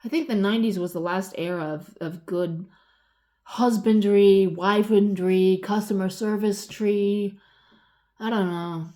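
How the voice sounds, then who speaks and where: A woman in her forties ranting casually, rambling and swearing, losing her train of thought and swinging between loud exasperation and low muttering. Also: fairly even intonation, a little slow. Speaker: vlogger. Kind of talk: casual rant.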